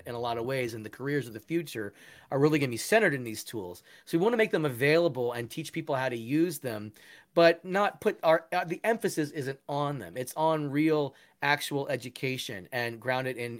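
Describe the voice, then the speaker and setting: A man talking as an interview guest, earnest and enthusiastic, often restarting his sentences. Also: medium pitch. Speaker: guest, musician and education founder. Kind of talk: casual interview talk.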